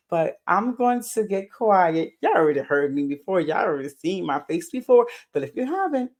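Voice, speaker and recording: A woman hosting a live stream, talking casually and excitedly, repeating her greetings and saying "y'all" to viewers. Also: mid-range voice. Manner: uses Southern US words like y'all. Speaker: livestream host and founder.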